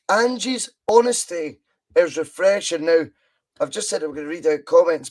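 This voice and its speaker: Hoher, aufgekratzter schottischer Mann. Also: male voice, sits high, rough recording. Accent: Scottish. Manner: excitable, sweary, rambling. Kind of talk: casual football podcast chat.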